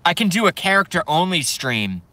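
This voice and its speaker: Man, young adult, stream host, casual rant, profane, rambling, bright tone. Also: sits high, sing-song, fairly quick, dry recording. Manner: profane, rambling, joking, reads chat aloud. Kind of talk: casual ranting live stream.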